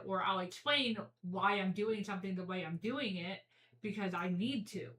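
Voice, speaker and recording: A woman's voice: mid-range voice, normal speed, fairly bright tone, echoey room, recorded from a distance, low-quality recording. A woman talking frankly and bluntly as a guest in a casual chat, swearing freely. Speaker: podcast guest.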